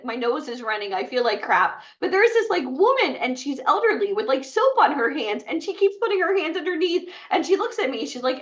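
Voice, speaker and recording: A woman's voice: high voice, sing-song, a little fast, hardly any pauses, far from the mic, dull audio. A woman speaking to a live group, retelling a personal story in a chatty way with many fillers. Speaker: bootcamp speaker.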